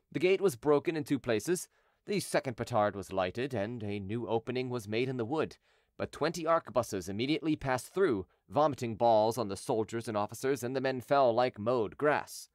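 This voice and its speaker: Measured male audiobook narrator, dry sound. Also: mid-range voice, no echo. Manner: steady, measured reading. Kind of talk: scripted narration.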